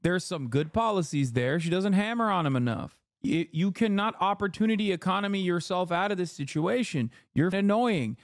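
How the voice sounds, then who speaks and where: A man ranting over news clips in a dry, close-sounding voice pitched a little high. He mocks what he hears with sarcasm, profanity and put-on voices, loose and conversational. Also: lively intonation, normal speed, hardly any pauses, dry recording. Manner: sarcastic, mocking rant with put-on quoted voices. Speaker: streamer reacting to news clips. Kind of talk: casual profane commentary.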